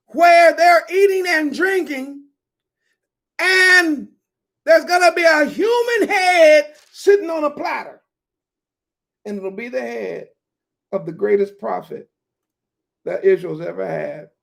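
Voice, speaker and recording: A preacher giving a Sabbath sermon, talking slowly and emphatically, swinging from loud outbursts to hushed asides. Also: sits high, gravelly.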